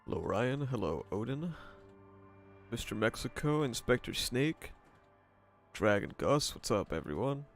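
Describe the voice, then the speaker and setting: A young man in his twenties talks with his livestream viewers in a relaxed, easygoing voice of middling pitch. His nose is stuffy. He laughs often and swears now and then, with faint soundtrack music under him. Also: measured pace, gravelly. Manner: laid-back, laughing, swearing, greets chatters by name. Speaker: streamer. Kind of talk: casual livestream chat with viewers. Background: video game soundtrack music.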